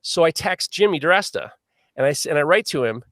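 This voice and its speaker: A man hosting a live podcast, telling a long story in a lively, swearing manner. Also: fairly high pitch, a little fast, no room sound, clean studio sound. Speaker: podcast host.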